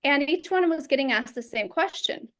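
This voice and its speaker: A woman teaching public speaking over a video call, lively and acting out examples in quoted voices. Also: high-pitched, moderate pace. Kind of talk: instructional talk.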